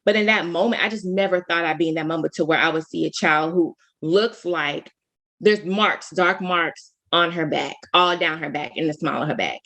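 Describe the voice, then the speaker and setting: A woman co-hosting a podcast, chatting casually and telling stories animatedly, with sudden jumps in pitch and frequent restarts. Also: bright, forceful tone. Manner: talks fast, full of restarts. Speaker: podcast co-host. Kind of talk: casual chat.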